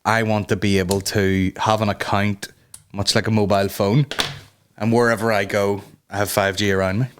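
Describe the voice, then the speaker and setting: A low-ish male voice at a moderate pace, recorded with a little hiss or hum. The podcast host is animated in his casual comedy banter, swearing, joking and acting out silly voices.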